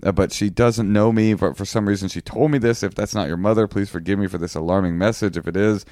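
A man co-hosting a podcast, telling a long story in a rambling, halting way with deadpan jokes. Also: lowish voice, no echo, clean studio sound. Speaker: podcast co-host. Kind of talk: casual storytelling chat.

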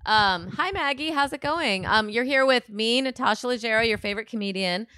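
A woman's voice: a little high, fairly quick, bright, forceful tone, clear, resonant tone, no room sound, clean studio sound. A woman co-hosting a comedy podcast, telling stories in a chatty, laughing way. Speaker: podcast co-host. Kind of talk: casual comedic chat.

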